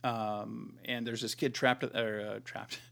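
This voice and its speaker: A man's voice: fairly low pitch, little pitch movement, slow pace, vocal fry, bright, forceful tone. Rambling, profane podcast guy. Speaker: podcast co-host. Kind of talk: casual movie review chat.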